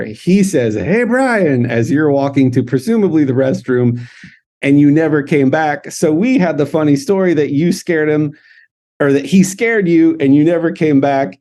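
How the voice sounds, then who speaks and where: Laughing male podcast host telling stories. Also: medium pitch. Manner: animated, laughs often, acts out dialogue. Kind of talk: casual storytelling chat.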